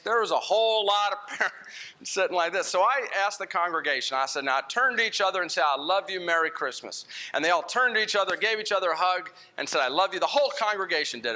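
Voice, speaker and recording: Bright-voiced male preacher telling stories. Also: high-pitched. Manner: conversational, tells stories, quotes dialogue. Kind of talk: sermon with storytelling. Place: church.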